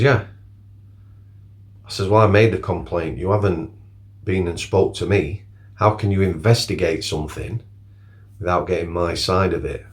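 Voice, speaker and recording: A man talks in a deep, low register. He tells his stories bluntly and plainly, wandering from one anecdote to the next in a casual monologue. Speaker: former prison officer telling stories.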